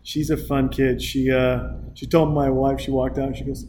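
Male host, casual storyteller, animated quoting, light room noise. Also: mid-range voice, normal speed. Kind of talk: casual chat.

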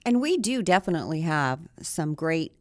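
Female talk radio host, low-pitched, upbeat, friendly. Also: sing-song, moderate pace. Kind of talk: casual radio interview.

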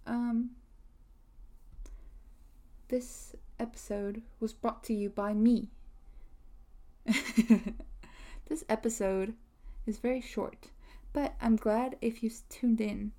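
A woman's voice: fairly high pitch, steady tone, takes it slowly, long pauses, warm tone. A young woman hosting a casual solo podcast, chatty and rambling with lots of fillers. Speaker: podcast host.

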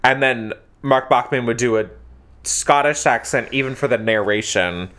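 A man co-hosting a casual book discussion, animated and often jumping into mimicry of characters. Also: moderate pace. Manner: animated, mimics characters with big pitch jumps. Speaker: podcast co-host.

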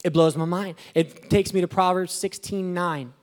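A man preaching a sermon as a pastor, animated and swelling to emphatic exclamations. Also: sits high, moderate pace.

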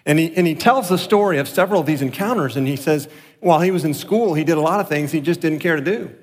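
A man's voice: fairly high pitch, quick pace, in a large hall. A man preaching a sermon as a pastor, asking rhetorical questions and repeating key phrases for emphasis.

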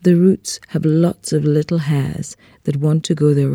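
Gravelly, dark-voiced story reader. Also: mid-range voice, fairly even intonation, measured pace, hardly any pauses, dry recording, studio quality. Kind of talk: reading a literary short story aloud.

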